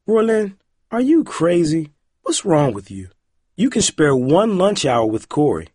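A sensible teenage girl, firm and exasperated as she turns down a bad idea, played by a male narrator. She talks in a raised, slightly husky voice. The recording is dry and close. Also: fairly high pitch, wildly swooping pitch, a little slow, a little mellow, no echo, pitched above the performer's own voice, full character voice.

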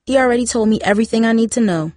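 A woman's voice: fairly high pitch, rapid-fire, a little mellow, no echo, studio quality, voice pushed up, close to an everyday voice. A woman reading as a guarded, snappish teen girl. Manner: curt, defensive retorts. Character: teenage girl, guarded and quick to snap.

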